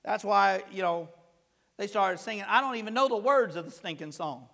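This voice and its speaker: A male pastor preaching a conversational sermon that swells to loud, emphatic peaks, in a church sanctuary. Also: high-pitched, normal speed, gravelly, big-room sound.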